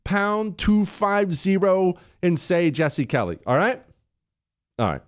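A man hosting a talk show, telling a story in a punchy, animated way. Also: slow. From United States. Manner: animated, wide swings in pitch, punchy delivery. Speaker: radio talk show host. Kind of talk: casual storytelling monologue.

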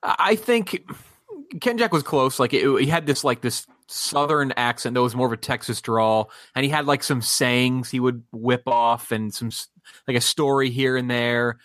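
A man's voice: medium pitch, normal speed, fairly bright tone, dry recording, studio quality. A man co-hosting a casual movie chat, rambling and hesitant and swearing casually. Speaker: podcast co-host.

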